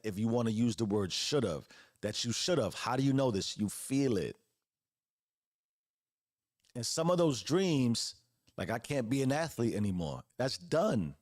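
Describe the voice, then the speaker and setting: A man's voice: medium pitch, sing-song, unhurried, pauses often, darkish tone, dry recording. Guy in his 40s preaching motivation into a close mic, slangy and earnest, dry sound. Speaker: host. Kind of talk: motivational monologue. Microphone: close podcast mic.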